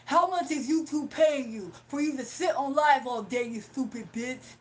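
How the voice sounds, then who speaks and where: A woman imitating a crude, abusive male caller who sneers out repetitive insults in a lower, louder voice. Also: normal speed, lightly acted. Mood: sneering.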